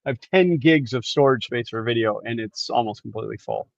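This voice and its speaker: A man's voice: medium pitch, a little fast, gravelly, dry recording. A middle-aged man from the US co-hosting a livestream, chatting casually and joking at his own expense. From United States. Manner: joking, self-deprecating, rambling. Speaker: co-host of a livestream. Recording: dull dry home mic.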